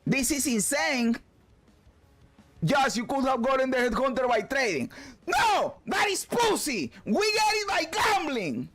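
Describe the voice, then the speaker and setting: A man streaming a video game, commenting loudly, swearing and shouting at the game. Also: very high-pitched, big pitch swings, unhurried, soft background music. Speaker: gaming streamer. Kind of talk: excited gameplay commentary.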